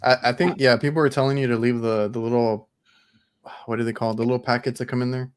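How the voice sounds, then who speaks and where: A man co-hosting a podcast, an HVAC technician chatting in a relaxed, easygoing and slightly hesitant way. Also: medium pitch, quick pace, clean tone. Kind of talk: casual chat.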